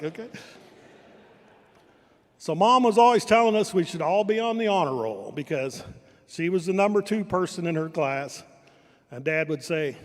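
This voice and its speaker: A man's voice: fairly high pitch, animated, moderate pace, darkish tone. Older man telling dry family stories in a hall. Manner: dry storytelling with self-corrections. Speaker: family member giving a speech. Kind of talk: humorous anecdotal speech. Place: event hall. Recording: reverberant hall.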